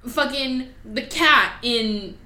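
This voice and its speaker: A woman hosting a podcast in casual chat, talking in an animated, profane, ranting way. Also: on the high side, takes it slowly, distant mic. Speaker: podcast host. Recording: roomy, off-mic.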